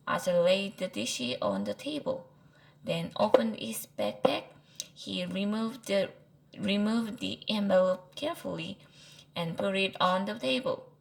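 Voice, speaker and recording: A woman's voice: mid-range voice, lively intonation, slow pace, creaky, rough recording. A woman with a Korean accent, an English reading teacher, carefully reading a children's chapter book aloud with small slips.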